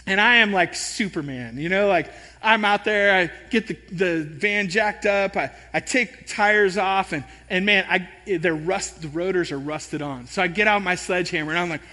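A man pastor preaching a sermon, telling an animated, self-deprecating story. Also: high voice, normal speed, few pauses. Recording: long hall reverb.

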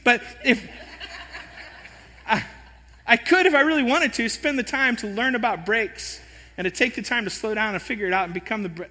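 High, bright-voiced pastor in a reverberant hall. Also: male voice. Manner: animated, self-deprecating storytelling. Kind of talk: sermon.

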